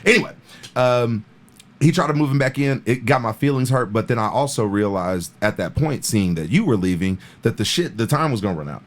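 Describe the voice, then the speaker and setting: A man's voice: mid-range voice, expressive, brisk. A man in his thirties hosting a podcast, telling stories in a rambling, profanity-laced casual chat. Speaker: podcast host.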